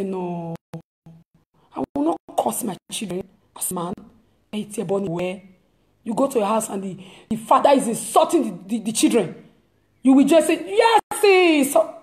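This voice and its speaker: A woman's voice: fairly high pitch, darkish tone. A woman, hosting her own talk and preaching emphatically to her listeners, repeating phrases as she drives her point home. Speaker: host. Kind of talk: impassioned preaching monologue.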